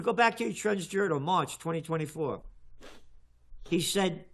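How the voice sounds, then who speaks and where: An older man giving heated, emphatic political commentary in a talk show, his voice often rising loud. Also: fairly high pitch, lively intonation, moderate pace, pauses often. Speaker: guest commentator.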